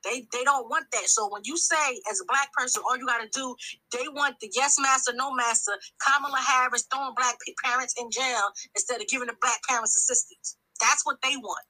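On poor audio, a caller to a talk show speaks in a high, steady, sharp-toned voice, moving a little fast. She goes on at length with emphatic, impassioned commentary and keeps restarting sentences.

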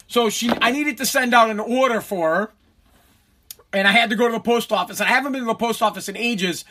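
A man with a high, bright voice hosts a casual solo podcast from his basement at home. He rants animatedly and swears freely, laughing at himself as he goes. His tone is loose and unscripted. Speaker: podcast host.

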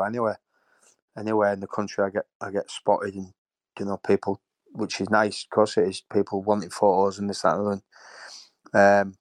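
A man's voice: lowish voice, no echo. A man, a former footballer telling stories in a rambling, emotional way. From Hull, England. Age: 50s. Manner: rambling, repeats words, emotional. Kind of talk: casual storytelling interview.

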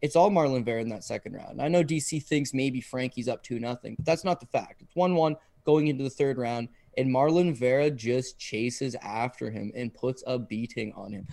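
A man co-hosting a casual podcast, giving emphatic, quick breakdowns of fights and betting picks. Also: mid-range voice, vocal fry, dark tone, no echo. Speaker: co-host, fight analyst.

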